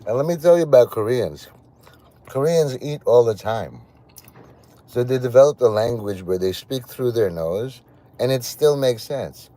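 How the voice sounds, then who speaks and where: A male streamer rambling and joking in a loose, casual chat. His voice sits at an ordinary middle pitch but swings widely up and down. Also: measured pace. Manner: rambling, joking, lively intonation. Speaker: livestream host.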